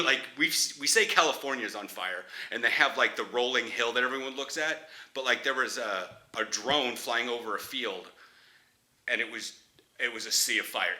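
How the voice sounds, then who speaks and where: A man's voice: medium pitch, normal speed, sharp tone. A young man, a football player, chatting casually in a rambling way, restarting sentences and laughing often.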